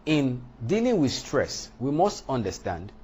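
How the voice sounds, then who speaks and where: Husky male teacher with lively pitch. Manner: deliberate, stresses demonstration words loudly. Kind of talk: lecture on English pronunciation.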